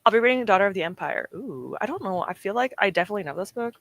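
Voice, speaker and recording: A woman's voice: medium pitch, lively intonation, very fast, gravelly, a bit bright, no echo. A woman hosting a casual livestream, chatty and self-deprecating as she answers her chat, emotional and close to tears, with a sore throat. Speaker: livestream host.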